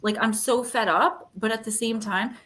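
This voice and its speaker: A woman's voice: fairly high pitch, fairly even intonation, moderate pace, a bit bright. A woman hosting a casual livestream, telling an annoyed story and acting out both sides of phone calls. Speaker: livestream host.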